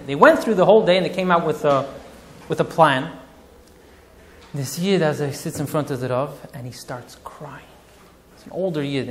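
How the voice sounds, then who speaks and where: A male rabbi telling a story in a dramatic, animated way, using Yiddish and Hebrew terms. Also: mid-range voice, a little hiss or hum. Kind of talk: storytelling talk.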